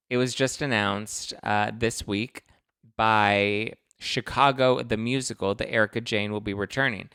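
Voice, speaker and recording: Male podcast host, chatty ranter, bright forceful tone, smooth and dry close-mic sound. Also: lowish voice, no room sound. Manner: animated ranting, comic put-on quotes. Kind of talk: casual chat.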